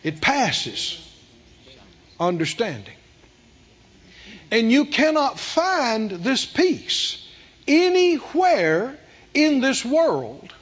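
A male pastor preaches slowly and emphatically, his high voice rising and falling widely as he poses rhetorical questions to the congregation. The recording sounds muffled, with a long reverb from the church hall. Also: big pitch swings. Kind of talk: sermon.

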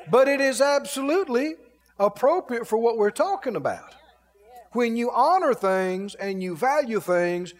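A man preaching a sermon in an animated way, acting out grumbling people for his congregation. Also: high voice, long reverb tail.

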